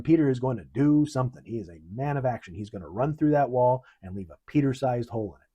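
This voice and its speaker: Husky-voiced pastor preaching earnestly. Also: male voice, medium pitch. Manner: earnest, conversational preaching with animated emphasis. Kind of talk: sermon.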